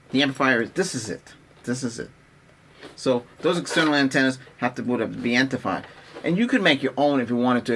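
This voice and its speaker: A middle-aged man vents about tech in a loose, rambling vlog voice that is bright and forceful. He keeps restarting his sentences and sounds exasperated. A faint hiss sits under the recording. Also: medium pitch. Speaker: tech vlogger. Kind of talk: casual ranting vlog.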